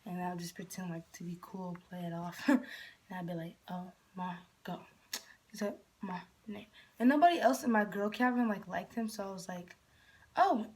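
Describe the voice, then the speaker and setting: A young woman from Michigan telling a story in a casual vlog, rambling, often dropping to a whisper and jumping up in pitch when she quotes herself. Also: moderate pace, a little mellow. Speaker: vlogger.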